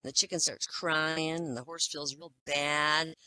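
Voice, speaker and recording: A man's voice: a little high, flat delivery, measured pace, sharp tone, poor audio. Casual man telling dirty jokes. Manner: loose, casual storytelling with fillers. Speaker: joke teller.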